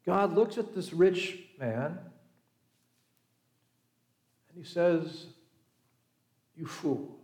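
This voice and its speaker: High-voiced pastor in an echoey church. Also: male voice, animated, takes it slowly, darkish tone. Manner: conversational storytelling, acts out quoted voices. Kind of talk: sermon.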